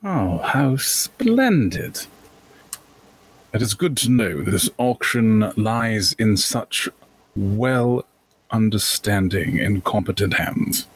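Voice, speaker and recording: A genteel gentleman merchant in a tabletop game who speaks in formal, flowery courtesies, as a man plays him. His voice is low and husky. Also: big pitch swings, slow, exaggerated voice, rough recording. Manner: formal, florid politeness. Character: genteel male curiosities merchant.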